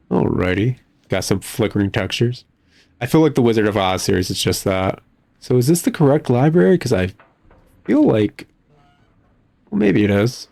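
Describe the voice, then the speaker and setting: A man's voice: fairly low pitch, animated, normal speed, vocal fry, a little mellow. A man casually commenting and laughing as he plays through a game, reading its text aloud. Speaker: let's play streamer. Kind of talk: casual let's play commentary.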